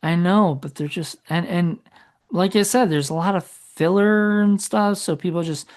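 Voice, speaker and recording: A man's voice: high-pitched, normal speed. A man co-hosting a podcast in casual chat, rambling and correcting himself as he goes. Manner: rambling, self-correcting, trails off. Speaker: podcast co-host.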